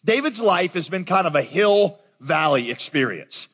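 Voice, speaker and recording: Man, pastor, conversational and animated sermon, light high voice, long hall reverb. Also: normal speed, husky. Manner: conversational, animated preaching with asides to the congregation. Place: large church auditorium.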